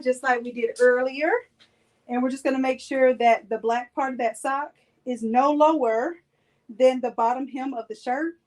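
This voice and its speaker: A woman's voice: high-pitched, slight background noise, low-quality recording. A woman instructor leading a live hands-on printing demo, chatty and playful, joking with her viewers.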